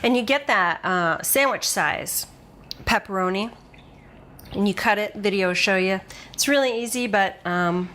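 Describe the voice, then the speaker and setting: Female co-host; playful, upbeat, casual chat delivery; middle pitch; faint noise behind. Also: measured pace, fairly bright tone. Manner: playful, enthusiastic, given to laughing.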